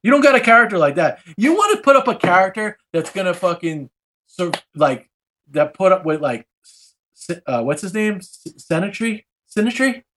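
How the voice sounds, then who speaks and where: A man's voice: high voice, sing-song, moderate pace, a bit bright. A man casually retelling a comic book plot, rambling and swearing freely with lots of filler. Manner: rambling and profane, heavy use of filler phrases and slang.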